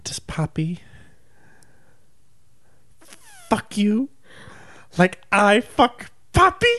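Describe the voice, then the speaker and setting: A man voicing a snooty, jealous female toy poodle in a prissy, affected high voice. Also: big pitch swings, takes it slowly, bright, forceful tone, exaggerated voice. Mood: accusing.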